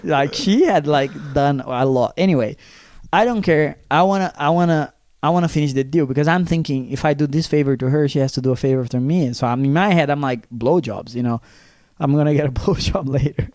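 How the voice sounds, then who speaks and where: A young man from Brazil co-hosting a podcast, telling a story in a casual, animated way, acting out the people in it and swearing freely. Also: a little high, brisk, few pauses, no echo, studio quality. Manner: animated, acts out quoted voices, swears freely. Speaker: podcast co-host.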